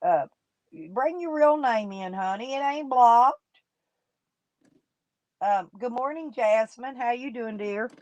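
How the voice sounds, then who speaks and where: A woman's voice: a little high, takes it slowly, pauses often, darkish tone, no echo, rough recording. A woman streaming live, chatting casually with her viewers and gossiping about people in her chat in folksy, colloquial talk.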